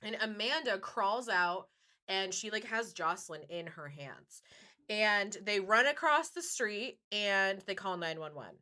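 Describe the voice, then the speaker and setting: A woman with a bright, tense voice hosts a casual true-crime chat. She tells the story in an animated, chatty way, swearing freely and laughing often as she goes. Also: medium pitch, a little slow. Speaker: podcast host.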